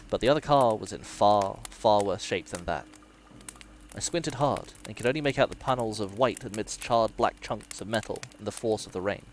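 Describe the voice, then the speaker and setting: A man's voice: fairly low pitch, slight background noise. A man streamer dramatically reading a horror story aloud, sometimes breaking off to swear and joke with his chat.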